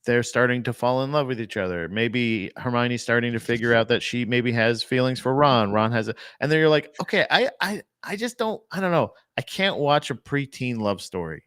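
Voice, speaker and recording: A man's voice: mid-range voice, normal speed, few pauses, a bit bright, clean tone, dry recording, clean studio sound. A man co-hosting a casual comedy podcast, bantering crudely and laughing often. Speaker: podcast co-host.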